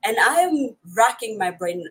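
Woman host, live-stream chat, bubbly and quick to laugh, a touch husky. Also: fairly high pitch, low-quality recording. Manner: energetic, greets viewers in many languages, laughs often. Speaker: host of a live online talk show.

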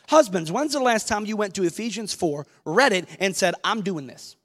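A man's voice: high voice, lively intonation, normal speed, few pauses, a bit bright, long reverb tail. A man in his thirties, a pastor, preaching a conversational sermon, quoting scripture and asking the congregation questions. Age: 30s. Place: church sanctuary.

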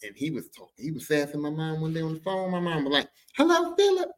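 A man telling a family story on his podcast, profane, slangy and animated. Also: on the high side, fast talker. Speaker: podcast host. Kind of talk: comic storytelling.

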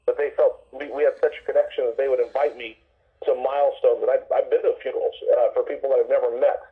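A man's voice: medium pitch, fairly even intonation, quick pace. A male sports broadcaster, a guest on a phone-in, telling stories in a rambling, heartfelt way with many restarts. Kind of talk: phone-in interview storytelling. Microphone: phone line. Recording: tinny phone line.

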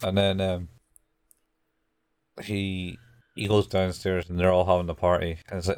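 A man's voice: low voice, monotone, normal speed, long pauses, a little mellow, smooth, no room sound. A man casually recapping anime episodes as a podcast co-host, rambling and acting out the characters' lines.

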